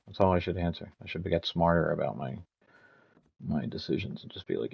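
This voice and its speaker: A man's voice: low voice, fairly quick, gravelly, husky, dull audio. A man in his fifties streaming a game, ranting and swearing as he tells stories in casual chat. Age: 50s. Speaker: gaming streamer.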